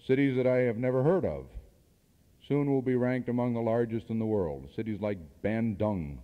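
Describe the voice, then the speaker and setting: A man's voice: medium pitch, normal speed. A man addresses a seminar audience, pressing his points with rhetorical questions and the odd dry aside. The sound comes from worn cassette tape, muffled and lo-fi, with a long reverb trailing off the walls of a hall. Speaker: seminar speaker. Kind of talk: speech to an audience.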